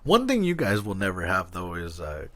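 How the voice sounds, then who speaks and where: A man's voice: sits low, wildly swooping pitch, moderate pace, a bit bright. A man co-hosting a podcast in casual, joking chat, swearing freely. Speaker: podcast co-host.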